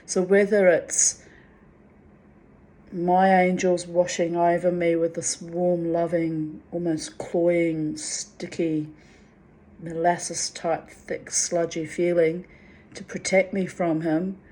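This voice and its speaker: Woman spiritual vlogger, slow and dark-toned, venting bluntly and with profanity. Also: on the low side, flat delivery. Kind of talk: emotional monologue to camera.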